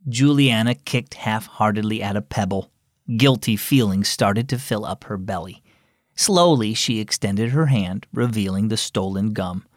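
A man hosting and narrating a children's devotional radio program, telling the story in a friendly, expressive studio voice. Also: lowish voice, a little slow, no room sound. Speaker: host and narrator.

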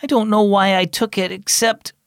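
A man voicing a remorseful young girl who was caught stealing, speaking earnestly and softly in a story for children. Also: high-pitched, fairly even intonation, normal speed, gravelly, clean tone, dry recording, studio quality, pitched above the performer's own voice.

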